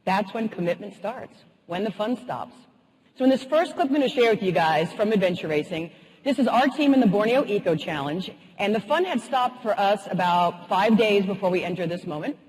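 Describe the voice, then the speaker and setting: A woman motivational speaker telling a humorous, animated story in a keynote talk. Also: medium pitch, brisk, slight background noise. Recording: husky voice in a reverberant hall.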